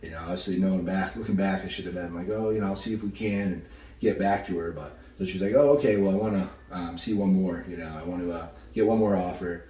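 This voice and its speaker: A man's voice: deep voice, steady tone, fast, mellow. A young man casually telling a story about a deal, swearing freely and quoting the people in it. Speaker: real estate investor. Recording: roomy echo, mic at a distance.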